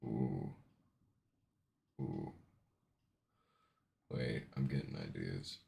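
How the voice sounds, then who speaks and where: A man chatting casually with his viewers between songs on a live stream, in relaxed, mumbled asides. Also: rumbling low, very slow, gravelly, background noise.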